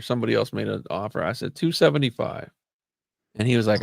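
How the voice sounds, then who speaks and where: Gravelly man telling a rambling story. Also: medium pitch, fast, no echo, clean studio sound. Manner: rambling, animated storytelling with cursing. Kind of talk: casual chat.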